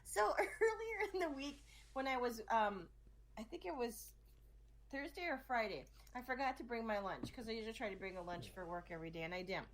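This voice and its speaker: A woman's voice: fairly high pitch, lively intonation, fairly quick. A woman co-hosting a casual chat show, telling a story and laughing often. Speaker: podcast co-host.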